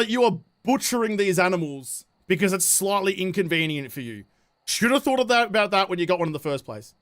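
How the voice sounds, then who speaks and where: A man's voice: high-pitched, fairly bright tone. A man with a New Zealand accent, streaming a game and chatting casually, swearing often and ranting passionately. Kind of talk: casual livestream chat while gaming.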